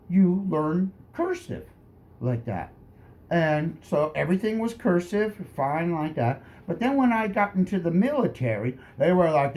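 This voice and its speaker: A man tells a funny story from his own life with animated delivery. His fairly high voice swings up and down in a lively way, and he keeps tacking short asides onto his sentences. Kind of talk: comic personal storytelling.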